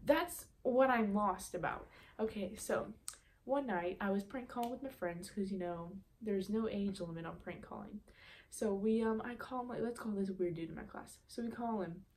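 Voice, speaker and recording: A woman's voice: medium pitch, moderate pace, darkish tone. Chatty teenage girl telling a story. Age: late teens. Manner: chatty, full of "um" and "like". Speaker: vlogger. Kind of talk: storytelling vlog.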